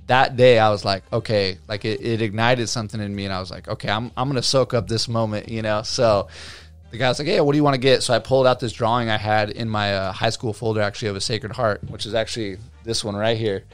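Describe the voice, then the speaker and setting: Faint music plays behind a man whose smooth voice is fairly low and a little fast. He's a tattoo artist guest in his thirties, casually telling his story with many fillers and acting out quotes from people.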